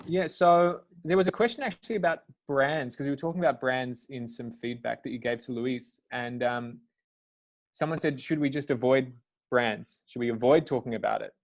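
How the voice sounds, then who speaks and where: A man's voice: medium pitch, moderate pace. A man hosting a live question-and-answer webinar, reading out audience questions in a loose, chatty way. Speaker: webinar host. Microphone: video call.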